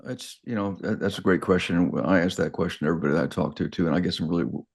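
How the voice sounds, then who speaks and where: A man in his sixties, a podcast guest, telling a story in a halting way, often restarting and repeating words. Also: low voice, husky. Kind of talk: casual storytelling.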